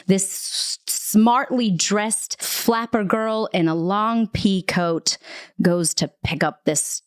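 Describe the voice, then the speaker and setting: A woman running a tabletop session, narrating scenes and rulings with lively storytelling. Her delivery is full of fillers and quick restarts, and the recording is dry and close. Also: mid-range voice, no room sound. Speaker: game master.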